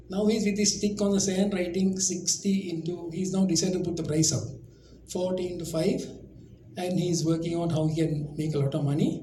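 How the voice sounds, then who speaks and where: A man's voice: high voice, warm tone. A man from Sri Lanka, giving a public lecture as a humorous storyteller with chatty asides to the audience. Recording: roomy lecture hall with faint noise.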